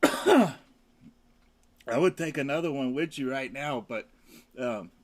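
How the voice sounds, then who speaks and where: Laid-back coughing man chatting slowly. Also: medium pitch, expressive. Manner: laid-back, slow and loose, sings meows and theme hums. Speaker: livestream host. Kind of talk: casual rambling livestream chat.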